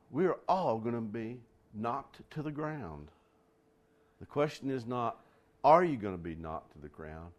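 Low-voiced preacher with sweeping emphasis. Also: male voice, big pitch swings, moderate pace. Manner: storytelling preacher with sweeping pitch rises. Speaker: pastor. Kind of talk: sermon.

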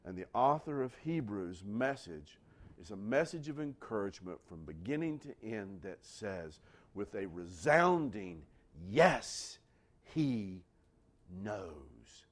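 A man preaching to his church congregation. He speaks slowly with a highly expressive, swooping delivery and keeps drawing the listeners in with direct questions. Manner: animated, calls out questions to the congregation. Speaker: pastor. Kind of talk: sermon.

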